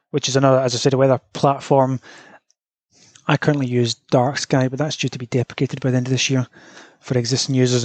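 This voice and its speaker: A man's voice: mid-range voice, dry recording. Chatty man, dry close sound. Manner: chatty, informal, sometimes swears. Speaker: podcast host. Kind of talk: casual solo news roundup.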